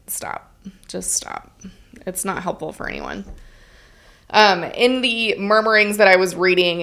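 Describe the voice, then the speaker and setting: A woman's voice: lowish voice, fairly bright tone. A woman co-hosting a podcast in casual chat, reading from an article with frequent ums and likes. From Utah, United States. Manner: chatty, frequent "um" and "like". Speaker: podcast co-host.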